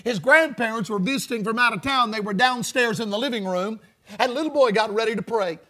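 A man's voice: extremely high pitch, a little fast, bright, forceful tone. A male preacher giving a revival sermon, with rhythmic, emphatic phrasing and call-and-response lines to the congregation.

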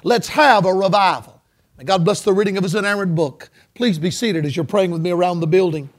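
A man's voice: sits high, a little fast. A male preacher giving a revival sermon, with rhythmic, emphatic phrasing and call-and-response lines to the congregation.

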